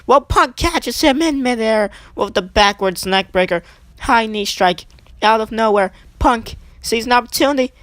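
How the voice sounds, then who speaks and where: A woman giving eager play-by-play wrestling commentary over a video game, climbing high in pitch as she counts pins, with chatty asides. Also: no room sound. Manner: excitable, rising sharply on pin counts, chatty asides. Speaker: gaming channel host.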